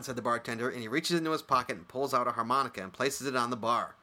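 A man's voice: mid-range voice, fast talker, hardly any pauses, pushed and bright. A man co-hosting a casual podcast, reading listener emails aloud, joking, laughing often and swearing casually. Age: adult with a son. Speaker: podcast co-host.

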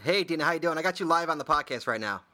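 A man co-hosting a podcast, talking in quick, animated casual chat and laughing often. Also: fairly high pitch. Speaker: podcast co-host.

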